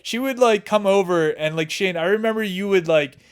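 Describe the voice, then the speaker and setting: A man's voice: sits high, a little fast, smooth. A man on a podcast recalling a neighbor in a rambling, chuckling way. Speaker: podcast co-host. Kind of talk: casual chat.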